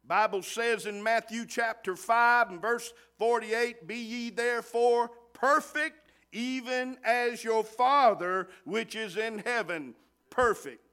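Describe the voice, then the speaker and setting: A man delivers a sermon, his voice sitting very high and bright. He speaks slowly, repeating phrases and asking "Amen?" in call-and-response fashion. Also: clean tone. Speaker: preacher.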